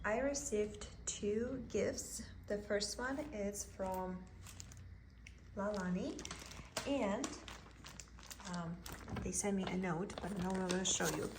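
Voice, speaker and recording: A woman with a thick Russian accent, a vlogger chatting excitedly about her cross stitch haul at home. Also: mid-range voice, slow pace, long pauses, background noise. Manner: gushing, excited, with soft giggles. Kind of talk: casual haul video.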